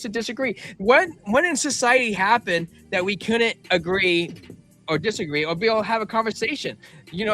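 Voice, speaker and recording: Co-host, male, young adult, animated rambling storyteller; bright voice, faint music underneath. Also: fairly high pitch. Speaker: podcast co-host. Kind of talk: casual livestream chat.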